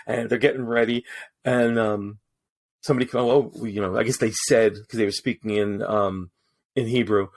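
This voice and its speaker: Chatty voice-over man telling stories. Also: mid-range voice. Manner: animated storyteller with many restarts. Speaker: guest voice-over artist. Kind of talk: casual podcast conversation. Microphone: studio mic in his booth.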